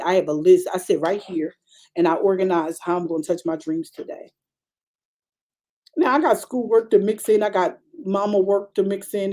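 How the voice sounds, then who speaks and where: With a mellow voice, this middle-aged pastor preaches in plain, everyday language, talking conversationally until she rises again and again into forceful, high-pitched outbursts.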